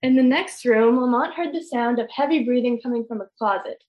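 A woman reading a children's story aloud, gentle and expressive, with small stumbles. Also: fairly high pitch, brisk. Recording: dull lo-fi recording.

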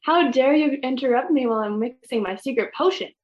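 A woman's voice: sits high, fairly quick, lo-fi sound, close to an everyday voice. A shrieking angry witch, put on by a woman. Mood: furious. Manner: shrieking, imperious.

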